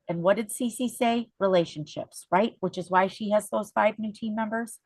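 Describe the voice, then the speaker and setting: A middle-aged woman leading a sales team meeting over a video call, telling a motivational story in a chatty, animated way and keeps checking in with "okay?" and "you guys". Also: medium pitch, moderate pace, breathy edge, dry recording.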